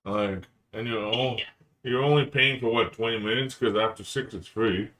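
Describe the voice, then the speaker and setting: Laid-back, swearing Canadian man, lowish voice. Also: normal speed, a bit bright. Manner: laid-back, swears casually, agrees a lot. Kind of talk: casual chat.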